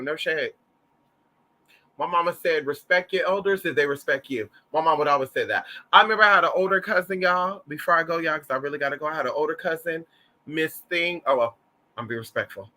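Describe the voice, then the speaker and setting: A man's voice: on the high side, sharp tone. A man telling a story to his viewers in a casual, sassy and profane way, full of drama. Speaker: vlogger.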